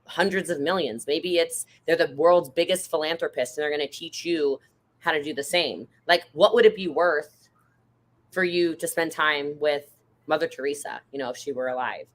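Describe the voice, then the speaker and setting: A woman in her thirties hosting a casual conversation, telling lively stories and jumping into high-pitched voices when she quotes people. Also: moderate pace. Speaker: host.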